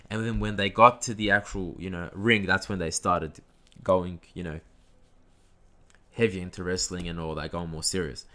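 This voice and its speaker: A man's voice: lowish voice, sharp tone. A man hosting a podcast, giving a rambling, enthusiastic casual recap of a wrestling event. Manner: rambling, enthusiastic play-by-play retelling. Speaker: podcast host.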